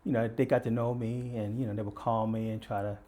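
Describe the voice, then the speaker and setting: A lowish, dark voice with a brisk, flat delivery belongs to an older man from Baltimore. As a guest, the retired police detective tells conversational stories, acting out quoted lines of the people involved.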